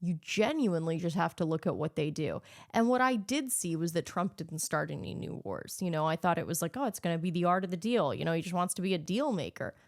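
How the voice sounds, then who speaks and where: A woman's voice: fairly low pitch, lively intonation, fairly quick, hardly any pauses, no echo, studio quality. A woman hosting her own podcast, ranting solo in a sarcastic, profane, opinionated way. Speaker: podcast host.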